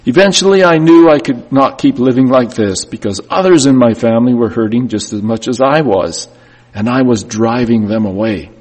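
A man's voice: medium pitch, normal speed, darkish tone. A man preaching a sermon and telling a hard story in the first person, his voice swelling and dropping with emotion. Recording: long reverb of a church hall.

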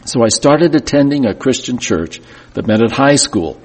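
A man's voice: mid-range voice, expressive, moderate pace, husky. A man preaching a sermon and telling a hard story in the first person, his voice swelling and dropping with emotion. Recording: long reverb of a church hall.

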